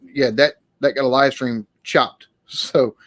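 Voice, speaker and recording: A man hosts a casual live-stream Q&A, reading comments and answering questions. He rambles and stops to restart his sentences. His voice sits at a middle pitch, and the sound is dry and close to the mic. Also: steady tone, slow pace, a bit bright, no room sound. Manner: rambling, hesitant, with many restarts and fillers.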